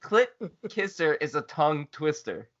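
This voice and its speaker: A man's voice: fairly high pitch, sing-song, a little slow, fairly bright tone, lo-fi sound. A man co-hosting a podcast, making silly crude jokes and tripping over his words. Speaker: podcast co-host. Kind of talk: crude casual banter.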